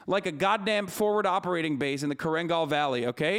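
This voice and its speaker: Male streamer, fairly high voice, fired-up and profane, argues with chat. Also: fast talker, hardly any pauses, a bit bright, clean tone. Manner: heated, profane, argumentative; answers chat directly. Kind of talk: live-stream political rant. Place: streaming studio.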